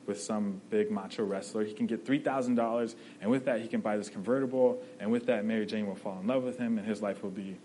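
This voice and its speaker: A man's voice: fairly low pitch, fairly even intonation, fast talker, few pauses, warm tone, slight background noise, low-quality recording. A man preaching a sermon in a conversational way, often checking in with "right?" and restarting his phrases.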